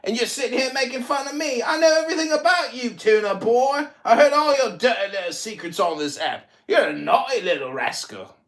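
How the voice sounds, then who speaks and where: A man in his forties hosting a livestream, taunting and mocking an opponent with loud, profane outbursts in a heated argument. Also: very high-pitched, lively intonation, a little fast, few pauses. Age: 40s. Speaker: livestream host.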